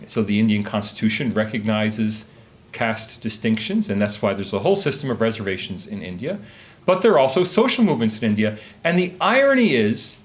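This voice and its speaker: Lively man giving a conference talk. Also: mid-range voice. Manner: lively, questioning lecture delivery; speaks from notes to a live audience. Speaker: academic speaker. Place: conference room.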